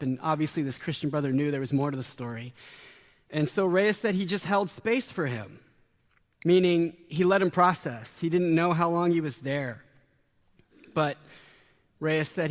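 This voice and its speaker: A man preaching in a large, echoing church hall, his voice a little higher than most men's. He talks conversationally, dropping into dramatic pauses and acting out quoted voices. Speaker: pastor. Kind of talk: sermon. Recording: long hall reverb.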